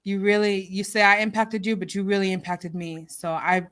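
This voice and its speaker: A woman's voice: mid-range voice, little pitch movement, moderate pace, fairly bright tone. A woman hosting a casual livestream chat, laughing often and reading out viewer comments with lots of emotion. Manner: reads out viewer comments and names. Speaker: livestream host.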